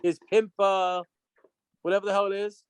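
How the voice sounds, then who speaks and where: A man as a podcast guest, telling stories in an excitable, rambling way, full of restarts and acted-out quotes. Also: high-pitched, moderate pace, smooth. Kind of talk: casual storytelling chat. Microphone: podcast microphone.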